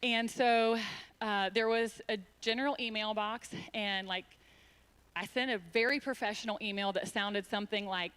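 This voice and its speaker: A woman's voice: fairly high pitch, normal speed, fairly bright tone, clean tone. A woman giving a heartfelt, emotional speech at a church event to introduce the founder of a ministry. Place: church sanctuary.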